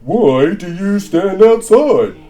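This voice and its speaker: A doughy, oafish young lout, put on by a man reading aloud, drawn out and loud. His pitch climbs high and bumbling as he speaks, with some distance from the mic. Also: expressive, slow pace. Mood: booming welcome.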